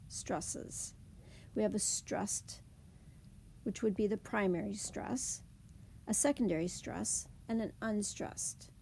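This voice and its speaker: A woman teaching a slide presentation lesson, explaining slowly and carefully. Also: medium pitch, vocal fry, mellow, slight background noise. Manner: slow, careful, deliberate explanation.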